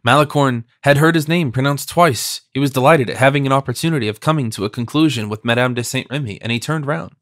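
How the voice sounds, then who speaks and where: A man narrating a classic novel as an audiobook in a measured, even reading. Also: mid-range voice, dry recording, clean studio sound. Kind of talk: scripted narration.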